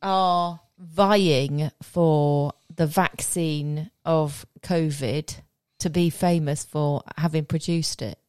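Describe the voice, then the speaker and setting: A woman from Oxford with a lowish voice talks casually as a podcast co-host. She wanders through her explanations at her own pace. The sound is dry and close. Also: steady tone, extremely slow, hardly any pauses, a little mellow, smooth, dry recording. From Oxford, England. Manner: chatty, meandering explanations. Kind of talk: casual chat.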